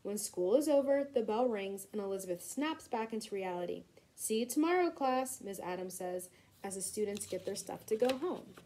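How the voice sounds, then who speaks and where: A woman reading a children's storybook aloud in a gentle, expressive way. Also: medium pitch, normal speed, a little hiss or hum, poor audio. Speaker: reader.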